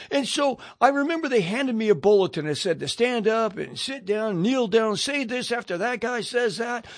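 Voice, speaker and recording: An older man with a notably high voice tells his personal testimony to radio listeners, animated and acting out every exchange. The sound is close and dry, with no room around it. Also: no room sound. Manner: animated storytelling, acting out both sides of dialogues.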